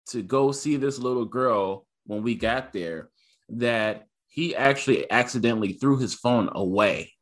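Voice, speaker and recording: A man in his thirties, a podcast co-host, telling a family story in casual chat and acting out his son's lines. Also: mid-range voice.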